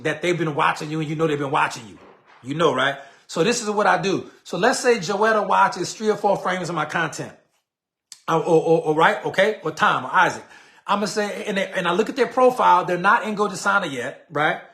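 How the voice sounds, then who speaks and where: A man's voice: sits high, fairly bright tone. A man in a casual, slangy live teaching session on network marketing, acting out sample messages in between.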